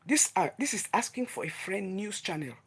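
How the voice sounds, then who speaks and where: Nigerian woman, husky breathy voice, middling pitch, scolding vlogger rant, confrontational and repetitive. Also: lively intonation, normal speed. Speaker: vlogger running a gossip news channel. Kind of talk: heated scolding rant to camera.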